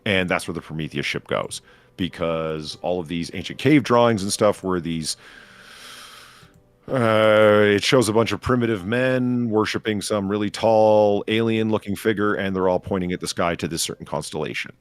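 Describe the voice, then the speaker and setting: A man's voice: on the low side, normal speed, no room sound. A man co-hosting a casual podcast, ranting profanely and sarcastically about a movie's plot. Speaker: podcast co-host. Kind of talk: casual chat reviewing a film.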